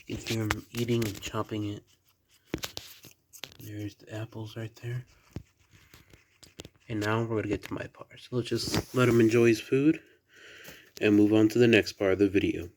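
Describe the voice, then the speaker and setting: A man with a slight Southern accent, chatting quietly through a toy unboxing at home late at night, keeping his voice down. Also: lowish voice, little pitch movement, normal speed, pauses often, noisy background. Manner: soft, hushed indoor voice. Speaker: toy collector vlogger. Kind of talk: casual unboxing chat.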